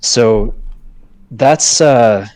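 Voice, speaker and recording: A man's voice: medium pitch, drawn-out words, darkish tone, no room sound. A man co-hosting a casual discussion, talking emphatically with frequent stammered restarts. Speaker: podcast co-host.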